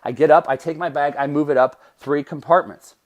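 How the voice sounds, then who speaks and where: A man in his thirties, hosting a podcast, tells a personal story in an animated way, often breaking off and restarting his sentences. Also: on the high side, a little fast, lo-fi sound. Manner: animated, self-interrupting storytelling with restarts and laughs. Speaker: podcast host.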